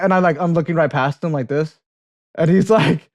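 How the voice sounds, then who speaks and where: A man's voice: fairly high pitch, fast talker, no room sound. Young man, podcast co-host, rambling casual talk, frequent laughs, swearing, dry close microphone. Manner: rambling, laughs often, swears, many restarts. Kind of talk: casual chat, film review and anecdote.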